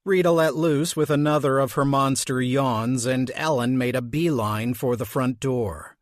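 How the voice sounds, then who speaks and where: A man reading an audiobook as narrator, with slow, measured delivery. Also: mid-range voice, no room sound, studio quality. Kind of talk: scripted narration.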